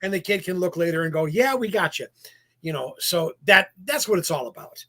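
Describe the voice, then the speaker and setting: A man's voice: a little high, fairly quick, bright, forceful tone. A man who plays Santa, hosting a casual chat and telling stories with self-deprecating asides. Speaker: Santa performer, show host.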